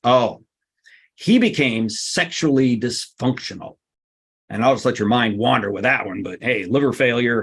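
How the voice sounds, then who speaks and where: A man giving a lively seminar talk, emphatic and blunt, his voice leaping up on the points he stresses. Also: slightly rough. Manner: emphatic and blunt, with sudden pitch jumps. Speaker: workshop speaker.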